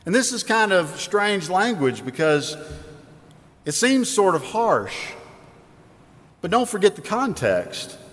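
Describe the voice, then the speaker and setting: A man delivers a sermon in a conversational, questioning manner, his voice a little higher than most. His words ring out with a long reverb, as though spoken in a large hall. He talks with listeners rather than at them. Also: big pitch swings, slow pace, pauses often, a bit bright. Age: adult with children. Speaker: preacher.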